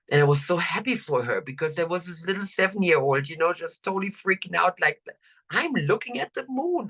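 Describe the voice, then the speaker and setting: An older woman coach, leading listeners through affirmations in a slow, soothing, drawn-out way. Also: deep voice, fairly bright tone. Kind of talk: guided affirmation talk.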